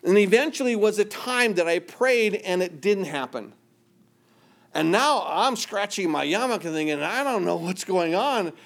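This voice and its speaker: A man preaching a sermon earnestly, his voice dropping soft for quoted prayers. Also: high voice, animated, measured pace, vocal fry. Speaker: pastor.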